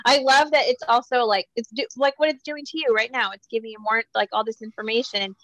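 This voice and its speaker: A woman from Corpus Christi, Texas, co-hosting a casual pop-culture podcast, talking in an animated, gushing way with lots of fillers. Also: fairly high pitch, fast, no echo, rough recording. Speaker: podcast co-host.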